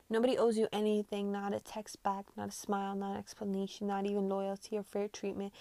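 A woman vlogging her reactions to posts in a casual, profane rant, swinging between loud outbursts and muttered asides, full of "like". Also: mid-range voice, no echo. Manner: heavy swearing and filler "like".

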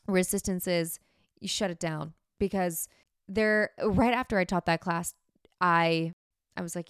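A woman's voice: on the low side, a little slow, clear, resonant tone, dry recording, studio quality. A woman hosting a podcast, talking frankly and chattily about herself in a candid self-help monologue. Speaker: podcast host.

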